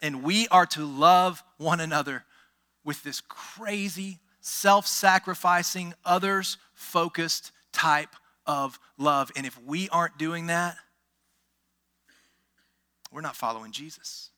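A man preaching a sermon with a high, ringing, very bright voice. He drives his points home with emphasis, asks the congregation questions and breaks into quick exclamations. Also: smooth. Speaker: pastor.

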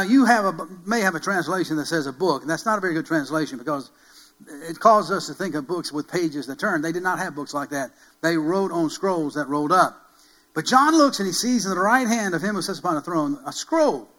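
A man's voice: high voice, poor audio. A man preaching a sermon as pastor, asking the congregation questions and repeating key phrases with rising force. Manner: emphatic, repeats key phrases, builds to loud calls.

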